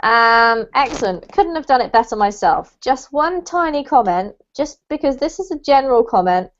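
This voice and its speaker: A woman's voice: a little high, expressive, normal speed. Female English tutor, encouraging, explains patiently, muffled call sound. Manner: encouraging, explains pronunciation step by step. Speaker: English teacher. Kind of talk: online group lesson. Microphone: video call. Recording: dull lo-fi video call audio.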